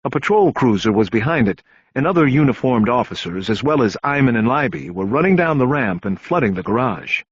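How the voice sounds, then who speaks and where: A male narrator reads crime fiction in a husky voice with lively rises and falls of pitch. The recording is dry and slightly dull, with no room around it. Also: brisk, dry recording. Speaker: audiobook narrator. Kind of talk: scripted crime novel narration.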